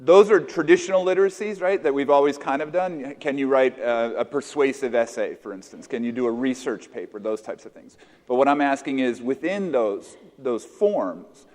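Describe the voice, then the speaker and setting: A man's voice: medium pitch, a little mellow. American man talking in an echoing hall. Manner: conversational, echoes audience answers, many restarts. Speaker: conference presenter. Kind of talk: interactive workshop talk with teachers. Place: conference hall with an audience.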